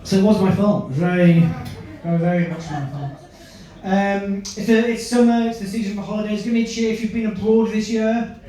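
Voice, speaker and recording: A stand-up comedian does a set with crowd work on a comedy club stage, chatting with and quizzing audience members. His high-pitched, warm voice moves little in pitch and runs a little fast. The echoey club is recorded from a distance.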